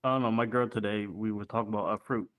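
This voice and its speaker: A young man chatting in a relaxed, self-deprecating way, swearing casually. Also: on the low side, quick pace. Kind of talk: casual chat.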